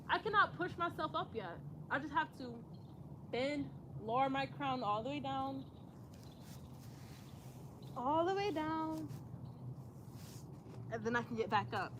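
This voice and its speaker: A young woman leading a casual yoga class outdoors, chatty and talking herself up out loud as she tries a backbend. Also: high-pitched, noisy background. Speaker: yoga instructor.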